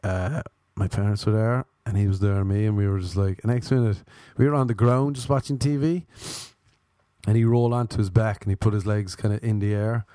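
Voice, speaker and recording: A young man, hoarse from being sick, telling self-deprecating stories in a rambling podcast chat and acting out what people said in raised voices. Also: fairly low pitch, fairly even intonation, brisk, dark tone, no echo, studio quality. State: hoarse from illness. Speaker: podcast host. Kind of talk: casual comedic storytelling.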